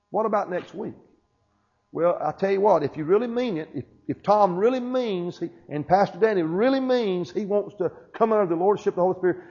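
A man's voice: high voice, vocal fry, darkish tone, husky. A man preaching a sermon, calling out to the congregation with repeated questions and amens. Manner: call-and-response preaching with repeated "Amen?". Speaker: pastor. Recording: dull lo-fi church recording.

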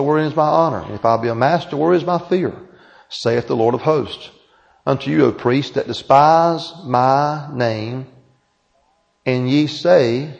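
A man's voice: medium pitch, creaky, a little mellow, in a large hall, highs cut off. Male preacher, repeating for emphasis. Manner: preaching with emphatic repetition and quoted dialogue. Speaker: pastor. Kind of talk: sermon. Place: church.

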